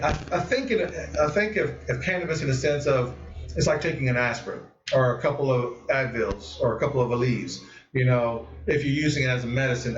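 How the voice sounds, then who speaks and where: A man hosting a live stream, telling a story in a rambling, animated way and acting out what others said. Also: medium pitch, far from the mic. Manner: rambling, animated, with lots of restarts and acted-out quotes. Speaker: host of a live cannabis stream. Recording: muffled echoey room, voice off-mic.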